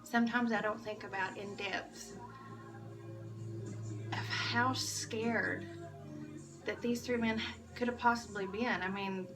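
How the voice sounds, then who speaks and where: A woman's voice: medium pitch, distant mic, rough recording. Earnest woman giving a devotional talk. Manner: earnest, emotional, restarts often. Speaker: church kids' devotional speaker. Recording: music behind, voice a bit off-mic.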